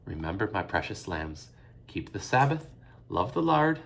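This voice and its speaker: A man voicing a loving mother who speaks softly and tenderly to her children. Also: fairly low pitch, big pitch swings, normal speed, creaky, exaggerated voice. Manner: soft and tender.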